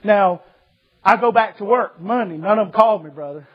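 Husky high-voiced preacher man. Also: fairly quick, highs cut off. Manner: folksy, joking, addresses listeners as brother. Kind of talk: humorous storytelling sermon. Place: church service.

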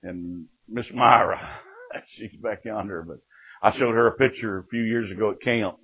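A man's voice: lowish voice, normal speed, slightly rough. Folksy preacher man. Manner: folksy storytelling with acted-out quotes and sudden jumps in loudness. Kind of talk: testimony sermon. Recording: dull lo-fi recording.

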